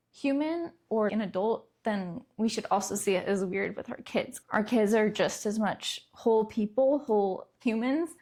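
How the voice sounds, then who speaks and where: A young adult woman with a mid-range, somewhat dark voice hosts a parenting podcast. She talks casually on her own, laughing lightly in the middle of her sentences.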